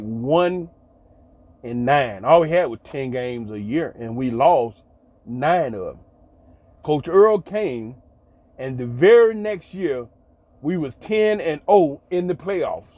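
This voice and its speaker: A man's voice: on the high side, darkish tone, no echo, lo-fi sound. A man hosting his channel, telling stories in a casual, laughing, colloquial way and repeating his phrases. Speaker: channel host. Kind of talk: casual storytelling monologue.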